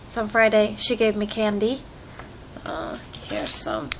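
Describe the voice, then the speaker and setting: A woman's voice: mid-range voice, lively intonation, a little slow, background noise. A young woman chatting casually in a home vlog, rambling easily while her allergies act up. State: allergies, itchy eyes. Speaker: vlogger. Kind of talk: casual chat. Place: home with a cat. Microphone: phone camera.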